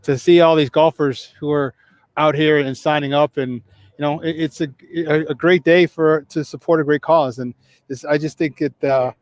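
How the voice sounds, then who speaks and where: A man's voice: fairly high pitch, fairly even intonation, normal speed, no room sound. A man co-hosting a live sports talk show, rambling with many restarts. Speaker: co-host. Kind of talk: live sports radio chat.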